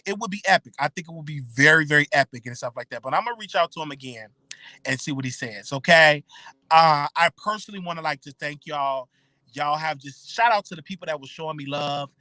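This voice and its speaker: Guy hosting a chat show, high bright voice, dry close sound, keeps repeating himself. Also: no room sound. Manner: repetitive, chatty, stammering restarts; addresses listeners directly. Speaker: show host. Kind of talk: casual commentary stream.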